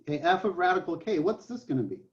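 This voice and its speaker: A high-voiced man teaching math online, joking and telling stories as he works through problems. His speech comes through a computer mic on a call. The audio is dull and lo-fi. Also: big pitch swings, quick pace. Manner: joking, storytelling, chatty with restarts. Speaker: math professor. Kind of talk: online class lecture. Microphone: computer mic on a video call.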